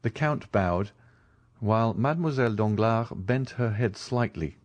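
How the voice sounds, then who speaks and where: A man narrating a classic novel as an audiobook reader, expressive storytelling. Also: on the low side, a little slow, no echo, muffled recording.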